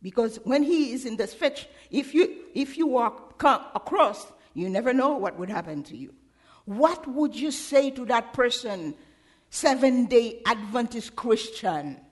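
A woman's voice: fairly high pitch, animated, unhurried. A woman preacher giving a sermon, questioning her congregation again and again.

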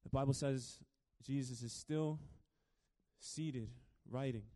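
A man preaching a sermon as a pastor, telling the story dramatically and swinging between hushed and loud. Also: medium pitch, slow pace.

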